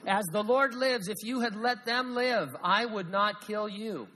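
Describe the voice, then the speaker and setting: A man's voice: medium pitch, expressive, normal speed, a bit bright, lightly acted, poor audio. A man preaching and acting out a vengeful ancient male warrior who talks bluntly and threatens in a put-on accent. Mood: fierce.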